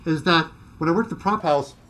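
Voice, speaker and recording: A middle-aged man telling work stories in a casual chat, animated and acting out other people's lines. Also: on the high side. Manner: animated, acts out dialogue in quick bursts. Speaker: guest.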